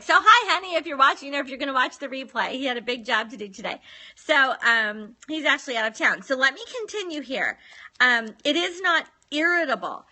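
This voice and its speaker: A woman's voice: high voice, bright, forceful tone. A woman, talking as a relationship counselor in a chatty, earnest live stream, repeating words for emphasis, recorded on a phone. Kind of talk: live-streamed advice talk.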